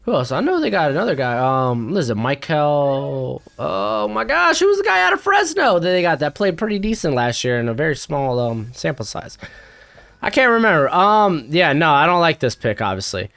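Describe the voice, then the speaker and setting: A man hosting a casual solo sports reaction from home, excitable and rambling with many fillers. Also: fairly high pitch, normal speed, creaky. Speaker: sports commentary host. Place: home, with a dog nearby.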